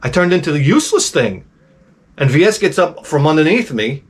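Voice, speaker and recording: Guy rambling thru a story, kinda high voice, swears a bit, trips over his words. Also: fairly quick, husky. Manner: rambling, animated, with swearing and restarts. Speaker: host. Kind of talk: casual personal storytelling.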